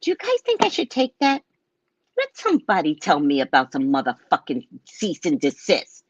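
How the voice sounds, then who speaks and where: A woman with a West Indian accent, a psychic hosting her own show, telling stories about her clients in a casual, animated way and acting out their voices. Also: moderate pace, slightly rough, no echo, lo-fi sound. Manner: animated, acts out clients in loud high voices. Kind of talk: casual storytelling monologue.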